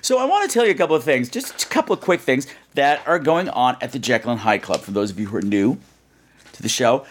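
A man hosting a podcast, telling comic stories in an animated way and jumping in and out of put-on voices. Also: medium pitch, fast, slight background noise. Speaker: podcast host. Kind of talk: comedic storytelling monologue. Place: New York.

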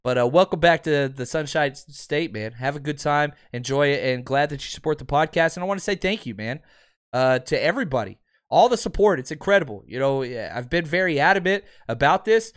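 A man's voice: on the high side, expressive, a little fast, clean tone. A man hosting a sports podcast, giving emphatic, ranting fan commentary and answering listeners.

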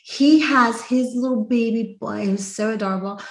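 A woman hosting a podcast, chatting casually and telling stories with lively acted-out quotes. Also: fairly high pitch, moderate pace, reverberant, poor audio. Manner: animated storyteller, acts out quotes. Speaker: podcast host. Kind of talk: casual chat.

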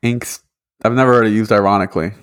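A man's voice: fairly low pitch, fairly even intonation, quick pace, clean tone, no echo, studio quality. Laid-back joking man with a lisp. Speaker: podcast co-host. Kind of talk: casual chat.

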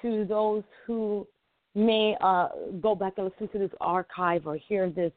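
A woman's voice: medium pitch, steady tone, measured pace, no echo. A woman calling in to a radio program, hesitant and earnest, with many fillers. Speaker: caller. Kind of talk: call-in comment. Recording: tinny phone line.

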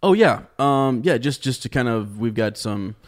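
A man with a mid-pitched voice co-hosts a laid-back podcast. He talks in a hesitant, easygoing way, with lots of ums and uhs. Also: expressive, normal speed. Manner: hesitant, many fillers, laughs easily. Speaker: podcast co-host. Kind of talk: casual chat.

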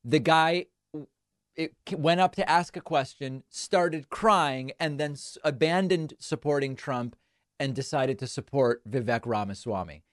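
A man's voice: a little high, unhurried, no echo, clean studio sound. A man hosting a political talk show, incredulous and sarcastic, often restarting his sentences, also reading sponsor ads. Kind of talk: solo political commentary and ad reads.

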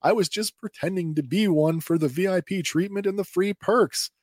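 A man voicing a frantic woman who was posing as an imperial officer, pleading and rushed. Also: deep voice, expressive, fairly bright tone, dry recording, studio quality.

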